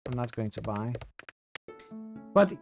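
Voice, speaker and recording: A man's voice: medium pitch, sing-song, slow pace, vocal fry, faint music behind. A man with a Turkish accent, a native Turkish speaker, chatting casually while he streams a game, thinking aloud and reading chat with lots of fillers. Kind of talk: casual gameplay commentary.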